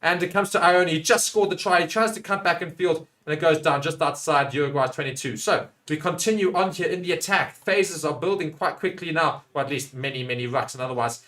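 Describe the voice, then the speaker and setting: A young South African man giving live play-by-play rugby commentary, getting louder and excited on attacking plays and dropping low and quiet when reading viewer comments. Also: brisk, hardly any pauses. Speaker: watchalong commentator.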